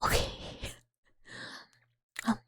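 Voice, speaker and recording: A woman's voice: very slow, pushed and bright. A woman in her thirties whispering breathily and chattily as an ASMR streamer, giggling as she reads chat aloud into a close mic. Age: 30s. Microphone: close studio mic.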